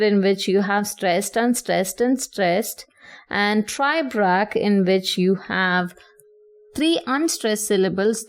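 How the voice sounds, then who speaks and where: A woman teaching a lesson, explaining clearly and patiently and stressing syllables to show rhythm. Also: mid-range voice.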